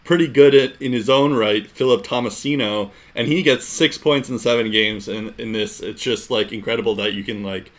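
A man's voice: medium pitch, normal speed, hardly any pauses. A man co-hosting a casual sports podcast, rambling with lots of fillers. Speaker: podcast co-host.

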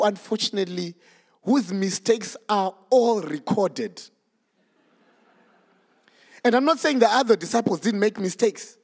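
A male preacher giving a sermon, telling a Bible story in a lively, dramatic way. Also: high voice. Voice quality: animated storytelling, acts out voices.

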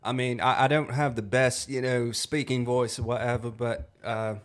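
A man's voice: medium pitch, fairly even intonation, normal speed, natural voice. Casting: man putting on a young British rapper, rambling, laid-back, fillers everywhere, improv. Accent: put-on British. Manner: rambling, full of "you know". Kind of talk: improvised impression game.

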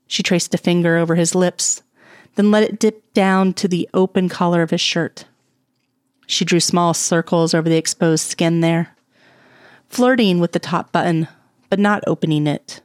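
A woman reading romance fan fiction aloud, in a soft, even, intimate storytelling manner. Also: fairly low pitch, normal speed, no echo, clean studio sound. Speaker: audiobook reader.

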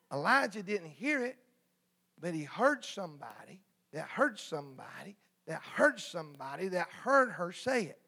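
High bright-voiced folksy preacher man. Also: very animated, moderate pace, vocal fry. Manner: folksy call-and-response preaching with humor. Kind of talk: sermon.

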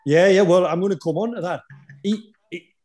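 Man swapping animated dressing-room stories. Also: high voice, moderate pace. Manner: animated anecdotal storyteller, chuckles often. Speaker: podcast host and former footballer. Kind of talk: casual storytelling chat.

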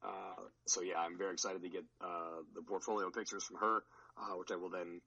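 A man's voice: deep voice, level tone, brisk, gravelly, sharp tone, husky, lo-fi sound. A man on a podcast recounting his powerlifting meet in a rambling, casual way, with many restarts. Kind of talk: casual chat.

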